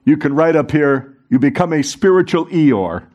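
Male pastor, lively sermon delivery, high voice that swings widely, engages the congregation. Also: moderate pace, highs cut off. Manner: animated, interactive with congregation, acts out quotes.

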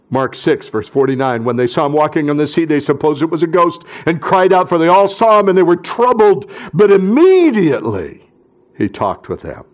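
A male pastor preaching a sermon, swinging from loud emphatic bursts down to hushed, near-whispered phrases. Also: fairly high pitch, animated, moderate pace.

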